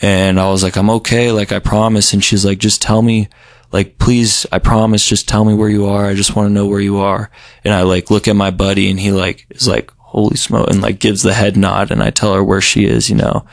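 A young man from Colorado telling his recovery story in a relaxed, rambling way, full of "you know" and "um.". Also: fairly low pitch, fairly quick, gravelly, no echo, studio quality. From Colorado, USA. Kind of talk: casual recovery story interview.

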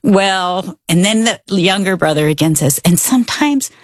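Lower-voiced woman telling a family story. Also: a little slow, dry recording, studio quality. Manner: warm storyteller who acts out her children's words. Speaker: co-host, mother. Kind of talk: casual storytelling.

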